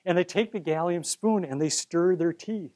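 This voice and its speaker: A man's voice: high-pitched, moderate pace, darkish tone. A middle-aged man teaching chemistry to a live class, playful and theatrical, coaxing students up to help him at the board. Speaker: chemistry professor.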